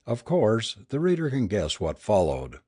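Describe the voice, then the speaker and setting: A man reads a ghost story aloud with a low, slightly husky voice. His intonation rises and falls expressively as he paces the tale. The recording is close and dry, with no room sound. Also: no room sound. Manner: measured storytelling with expressive swings. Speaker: audiobook reader.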